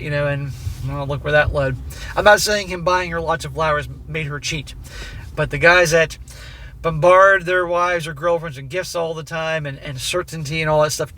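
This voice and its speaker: Bright-voiced man reading and commenting. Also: fairly high pitch, slight background noise. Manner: blunt and chatty, swears offhandedly. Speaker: host. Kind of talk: reading a viewer email aloud with casual commentary.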